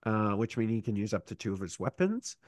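A man's voice: fairly low pitch, big pitch swings, brisk, darkish tone, no room sound, studio quality. A man co-hosting a casual gaming podcast, rambling and self-deprecating with lots of fillers. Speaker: podcast co-host.

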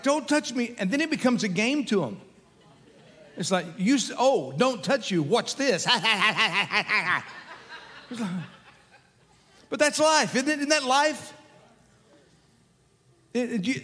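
A man's voice: high voice, a bit bright, long reverb tail. An older man preaching a sermon as a pastor, folksy and conversational, telling stories with chuckles.

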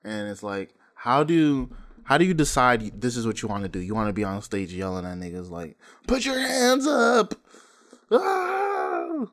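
A young man co-hosting a podcast, casually telling stories, laughing often and breaking into loud impressions of hype men. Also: on the low side, a little fast. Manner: laughing storyteller, mimics hype men with yells. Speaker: podcast co-host. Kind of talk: casual chat.

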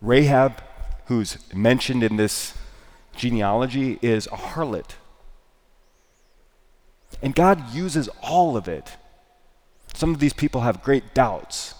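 A man with a hoarse, smoker-like rasp preaching a sermon, lively and emphatic, repeating key phrases. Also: medium pitch, slow pace, long pauses, long reverb tail.

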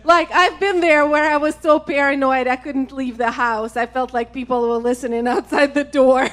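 High-voiced woman sharing candidly. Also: steady tone, moderate pace, fairly bright tone. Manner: candid and laughing, talks of her own past. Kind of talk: casual chat within a sermon.

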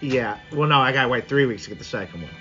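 Laid back podcast guy, bright voice, laughs a lot, muffled sound with music faint behind. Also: medium pitch, expressive, fast talker. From Washington State, US. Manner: easygoing, laughs often. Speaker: podcast co-host. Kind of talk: casual podcast banter.

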